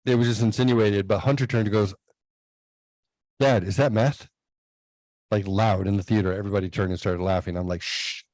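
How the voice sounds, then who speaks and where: A man's voice: fairly low pitch, quick pace, hardly any pauses, no echo. A man in his thirties telling family stories in a casual chat, acting out quoted lines with a raised voice. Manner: animated, acts out quotes in raised voice.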